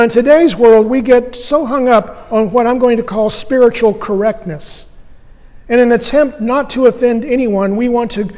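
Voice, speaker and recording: A man's voice: very high voice, darkish tone, in a large hall. A man preaching a sermon as pastor, earnest and emphatic, asking rhetorical questions.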